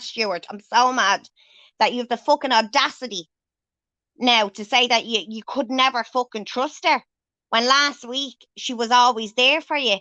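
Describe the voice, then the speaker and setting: A high-voiced woman tears into someone on her livestream, cursing constantly and hammering her points home. Her voice is bright and sharp. The sound is close and dry, with no room around it. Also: dry recording. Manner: angry, swears heavily, confrontational. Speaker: livestream host. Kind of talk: angry livestream rant.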